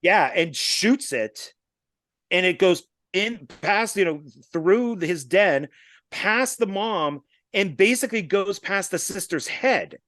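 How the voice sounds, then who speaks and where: A man co-hosting a podcast, retelling movie scenes in a casual, animated way, quoting the characters' lines as he goes. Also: sits high, takes it slowly, dry recording. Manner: animated storyteller who retells scenes with quoted lines and small laughs. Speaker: podcast co-host. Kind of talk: casual film chat.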